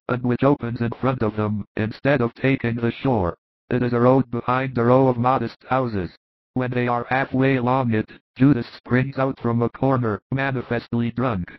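A man narrating a religious audiobook in a measured, descriptive way. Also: mid-range voice, no echo. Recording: dry, slightly dull sound.

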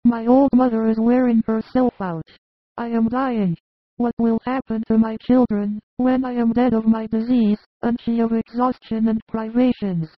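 A woman's voice: on the high side, flat delivery, moderate pace, dry recording, natural voice. A woman playing a sick young mother who speaks in a pleading, emotional way. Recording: muffled, narrow phone-like sound.

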